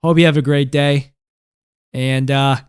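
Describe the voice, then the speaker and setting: A man walking viewers through a tech tutorial in a relaxed, chatty way, often tagging his points with "right?" and "okay?". His voice comes across smooth and resonant. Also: mid-range voice, measured pace. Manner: conversational, keeps checking in with "right?" and "okay?". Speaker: host.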